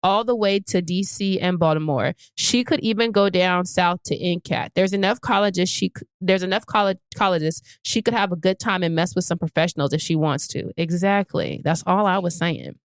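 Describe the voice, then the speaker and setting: A woman's voice: lowish voice, normal speed, hardly any pauses, no room sound. A woman co-hosting a podcast, reading listener comments aloud in casual chat and laughing often. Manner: animated, laughs often, playful. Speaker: podcast co-host.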